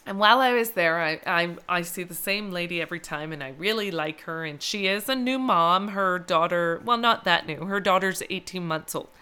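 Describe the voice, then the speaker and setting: A woman's voice: fairly low pitch, moderate pace, few pauses, pushed and bright, smooth. A middle-aged woman co-hosting a casual chat, telling stories at length and laughing often. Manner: chatty storyteller, laughs often. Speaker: podcast co-host.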